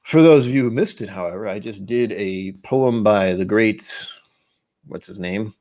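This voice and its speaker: A man's voice: fairly low pitch, moderate pace, a little mellow. An American man hosting a casual whisky-tasting livestream from home, rambling and self-deprecating as he sets up and talks to himself. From United States. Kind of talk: casual solo livestream chat. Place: home room, seated at a desk with glasses.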